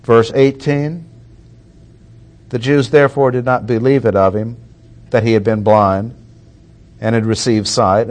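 A male preacher teaching through scripture at an unhurried, measured pace. He leans on key phrases and repeats them for emphasis. His voice sits in an ordinary middle range. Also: medium pitch, a little mellow. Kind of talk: expository sermon.

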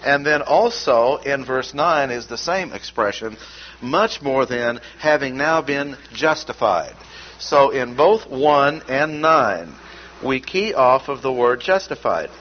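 A man giving an expository Bible lesson in a measured, emphatic way, repeating key words as he lists points. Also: mid-range voice, expressive. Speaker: Bible teacher. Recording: dull lo-fi recording with faint noise.

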